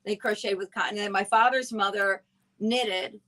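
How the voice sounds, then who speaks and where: A woman's voice: medium pitch, steady tone, normal speed. A woman hosting a casual chat, talkative and teasing. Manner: chatty, warm teasing, laughs often. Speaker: show host.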